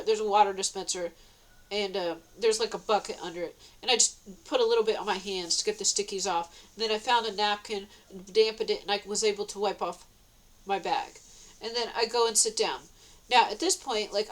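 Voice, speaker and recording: A woman telling a meandering personal story in a casual vlog, laughing often between phrases and correcting herself as she goes. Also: rough recording. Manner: meandering, with many restarts and self-corrections; rises to a bright, sweet high voice when quoting herself.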